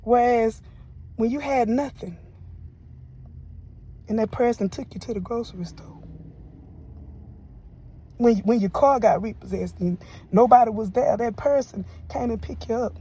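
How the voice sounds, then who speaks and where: A woman's voice: fairly high pitch, measured pace, long pauses, mellow, breathy edge. A woman reviewing a show in casual, sermon-like talk, emotional and full of church phrases. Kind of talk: casual preachy commentary.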